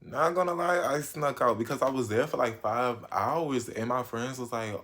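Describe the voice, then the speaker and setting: A man in his late teens telling a casual storytime vlog, slangy and animated, with sudden jumps in pitch and loudness. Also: normal speed, few pauses. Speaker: vlogger.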